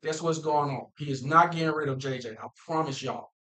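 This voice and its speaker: A man's voice: on the high side, a little fast, pushed and bright, poor audio. A man vlogging as a football fan, ranting casually and animatedly, repeating himself and talking straight to his viewers. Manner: emphatic, restarts phrases often. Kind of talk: casual sports rant.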